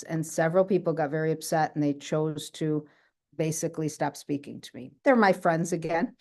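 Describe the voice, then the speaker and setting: A woman's voice: deep voice, steady tone, moderate pace, a little mellow. A woman telling her own healing story in a chatty way, often checking in with the listener. She is speaking on a video call. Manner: chatty, keeps checking in with "right?". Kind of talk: casual talk on a video call.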